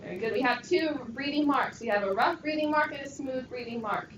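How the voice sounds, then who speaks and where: A woman leads her Greek class through pronunciation drills, encouraging students with call-and-response. Her voice is high, brisk and fairly bright, though the recording is muffled, with slight background noise and the echo of a classroom heard from far off.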